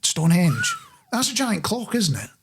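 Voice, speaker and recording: A man's voice: high voice, wildly swooping pitch, normal speed, vocal fry, background noise. A man co-hosting a casual radio chat show, jokey and chatty, often laughing as he reads out listener messages.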